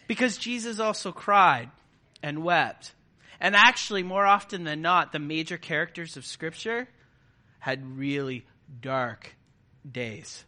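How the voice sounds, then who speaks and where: Before a live congregation, a preacher delivers his sermon casually and conversationally, repeatedly checking in with the people listening. His voice is high and strikingly bright, staying sharp and forward the whole way through.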